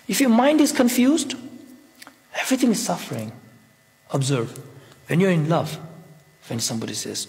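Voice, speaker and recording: A man's voice: sits high, sing-song, normal speed, pauses often, in a large hall. A man whose first language is Tibetan gives a spontaneous Buddhist talk in English, playful and acting out little scenes. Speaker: Buddhist teacher.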